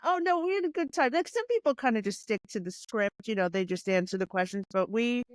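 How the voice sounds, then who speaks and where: Middle-aged woman host, slightly high voice, brisk sign-off, dry close sound. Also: lively intonation, no echo. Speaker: podcast host. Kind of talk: casual podcast chat.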